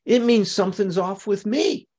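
A man's voice: high-pitched, moderate pace, husky. A man hosting a conversation about recovery, talking emphatically and acting out angry lines as examples. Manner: animated, emphatic, acts out angry quotes. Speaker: host.

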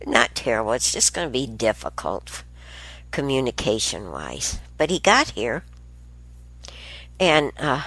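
A woman's voice: extremely low pitch, huge pitch swings, slow, long pauses, a bit bright. A woman hosting a show, telling a rambling everyday story in a chatty, casual way. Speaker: show host. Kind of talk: casual monologue.

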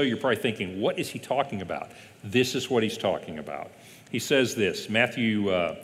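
A man's voice: medium pitch, big-room sound. A man preaching a sermon as a pastor, emphatic and quoting scripture often. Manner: lively emphatic preaching with frequent scripture quotes. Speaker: executive pastor. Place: church sanctuary.

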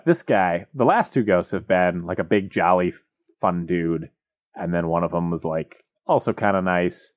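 A man telling a story in casual, joking podcast chat, rambling with comic asides. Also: sits low.

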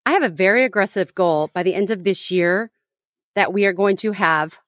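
A woman's voice: mid-range voice, moderate pace, no echo. A woman in her thirties chats with her co-host on a casual podcast, teasing and rambling through fillers and restarts. Her mid-range voice is recorded close and dry, with no room around it. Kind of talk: casual chat.

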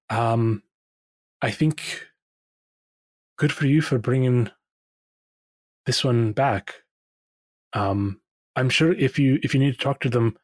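A man voicing a calm, practical woman healer who speaks in a measured, reassuring way with small hesitations. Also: mid-range voice, no echo, natural voice.

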